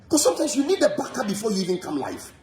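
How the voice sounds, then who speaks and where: A man's voice: high-pitched, very fast, reverberant, faint music behind. A Ghanaian man delivering a heated, repetitive gossip monologue, speaking straight to a rival. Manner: animated, repetitive, code-switching rant.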